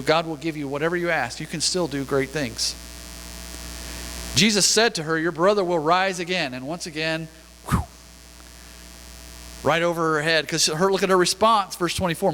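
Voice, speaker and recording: A man's voice: high-pitched, a bit bright. A man preaching a sermon as pastor, reading scripture aloud and talking through it in a conversational way. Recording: long reverb of a church hall.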